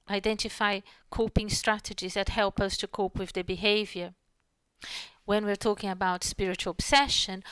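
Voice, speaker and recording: A woman psychologist lectures online in a calm, measured way, easing into a soft, slow voice when she guides breathing exercises. Her voice is smooth and resonant, of middle pitch, and sits close to the microphone in a dry, dead room with no echo.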